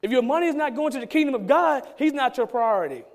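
A man's voice: extremely high pitch, expressive, fast. A man, a pastor, preaching a sermon with emphatic repetition and rhetorical questions.

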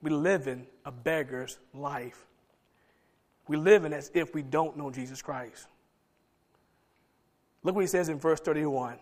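A middle-aged man preaching a sermon, swinging between loud emphatic calls and soft low asides. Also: a little slow, pauses often. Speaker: pastor.

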